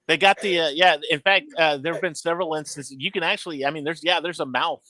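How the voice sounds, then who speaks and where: A man's voice: on the high side, steady tone, fast, pushed and bright, slight background noise. A man co-hosting a casual fan review chat, chatty and rambling, laughing often. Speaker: podcast co-host.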